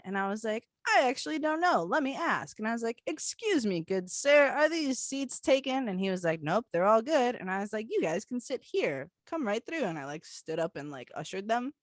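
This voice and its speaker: Animated young woman telling a story. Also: fairly high pitch, moderate pace, hardly any pauses, no room sound, studio quality. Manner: animated, acts out dialogue, laughs often. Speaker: podcast co-host. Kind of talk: casual storytelling chat.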